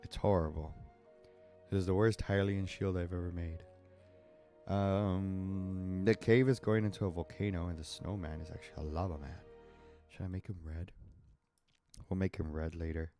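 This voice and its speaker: A man's voice: low-pitched, steady tone, normal speed, long pauses, dark tone, soft background music. A man live-streaming as he draws, chatting casually in a rambling, digressive way and laughing often. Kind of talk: casual chat while drawing.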